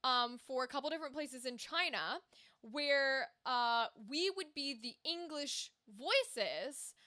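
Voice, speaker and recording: High, bright-voiced woman chatting candidly. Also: expressive, slow pace. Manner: candid, swears freely, chatty asides. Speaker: voice actor streamer. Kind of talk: casual livestream chat.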